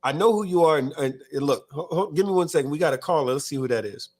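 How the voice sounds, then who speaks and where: A man's voice: fairly high pitch, animated, quick pace, hardly any pauses, a little mellow. A man hosting a live talk show in casual chat, reading viewer comments aloud and often stumbling and restarting his words. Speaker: podcast host.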